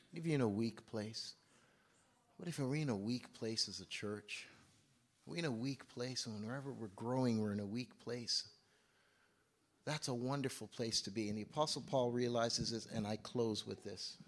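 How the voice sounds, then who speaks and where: A man preaching a live sermon to a congregation, moving from low asides to loud outbursts and often asking the audience questions. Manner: conversational, asks the audience questions. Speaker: pastor. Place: church service.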